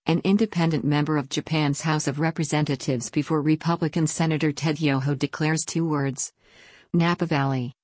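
A woman reading a news article aloud in an even, measured way. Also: deep voice, dry recording, studio quality. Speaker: news reader.

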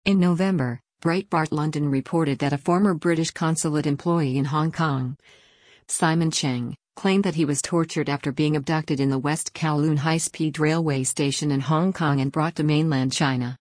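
A woman narrating a scripted news report in an even, formal read-out manner. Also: low-pitched, normal speed, no room sound, studio quality.

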